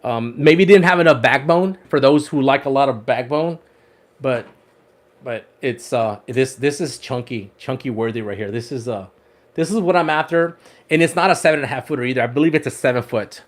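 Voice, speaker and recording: A man's voice: mid-range voice, fairly quick. Chatty man hosting a fishing livestream. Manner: chatty, repeats words, laughs often. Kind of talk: casual livestream chat.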